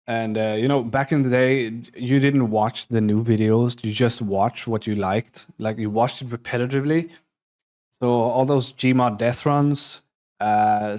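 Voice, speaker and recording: A man's voice: mid-range voice, a little mellow. A young man, rambling and joking through a live reaction stream, often restarting his sentences. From Poland. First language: Polish. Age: young adult. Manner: rambling and self-mocking, with frequent restarts and swearing.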